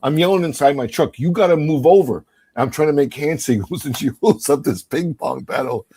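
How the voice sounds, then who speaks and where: A man in his fifties telling an animated story in casual chat, acting out quotes and laughing. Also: medium pitch, fairly quick, husky.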